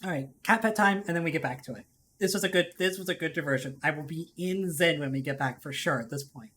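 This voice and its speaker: A woman's voice: deep voice, fast talker, fairly bright tone. Casting: woman VTuber, casual live-stream chatter, rambling, giggly. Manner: rambling, laughing, self-interrupting.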